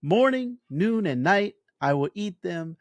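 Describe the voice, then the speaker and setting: A man co-hosting a podcast in casual chat, excitable and playful, his voice jumping up when he gets going. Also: measured pace, no room sound. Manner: excitable, playful, jumps high in pitch when animated. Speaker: podcast co-host.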